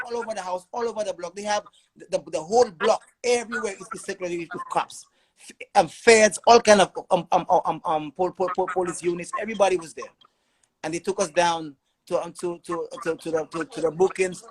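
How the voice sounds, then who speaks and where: A man's voice: sits high, fairly even intonation, a little fast, rough recording. A man telling his own story as a father in an emotional testimony, urgent and repeating words in long stammering runs.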